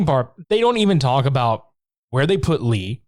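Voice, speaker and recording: A man's voice: medium pitch, big pitch swings, normal speed, no echo, studio quality. A man co-hosting a podcast, casually recapping a movie with lots of swearing and jokey mock voices. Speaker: podcast co-host. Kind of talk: casual chat.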